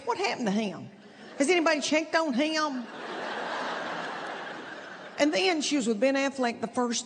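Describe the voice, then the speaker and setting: A woman's voice: mid-range voice, noisy background. A middle-aged woman from East Tennessee with a Southern accent, telling chatty stand-up stories and drawing out her punchlines. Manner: folksy, chatty, drawn-out punchlines. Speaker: stand-up comedian. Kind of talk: stand-up storytelling. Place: theater stage with audience. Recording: live stage mic in a reverberant hall.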